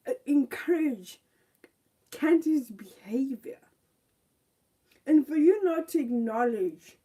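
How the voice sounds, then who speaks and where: Indignant high-voiced woman reviewing TV. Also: dark tone, husky. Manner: indignant, exasperated, repeats rhetorical questions. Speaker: TV show reviewer. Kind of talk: live review rant.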